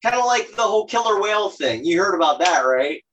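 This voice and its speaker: A podcast co-host in casual chat, blunt and profane, with short agreeing replies between longer takes. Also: female voice, medium pitch, expressive, brisk, low-quality recording.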